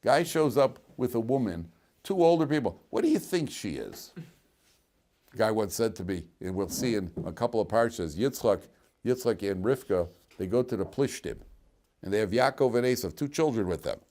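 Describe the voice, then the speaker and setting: Rabbi giving a torah class, super animated, acts out every character, voice jumps all over. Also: male voice, brisk. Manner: animated storyteller acting out characters with sharp jumps in pitch and loudness; many "you know" fillers. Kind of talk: lively Torah lecture with stories and jokes.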